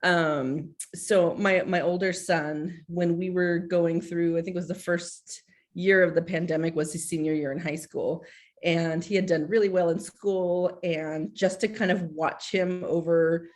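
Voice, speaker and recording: A woman in her forties speaks on a video call in a candid, heartfelt way, with her words full of filler likes. Her voice sits a little low for a woman. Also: fairly even intonation, a little slow. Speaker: school social worker. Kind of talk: casual video-call presentation.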